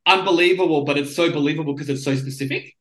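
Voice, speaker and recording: A man's voice: fairly high pitch, fairly even intonation, quick pace, roomy sound, rough recording. A man co-hosting a podcast, telling stories and joking with confident, playful asides. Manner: joking, storytelling, self-assured. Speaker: podcast co-host. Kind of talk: casual chat.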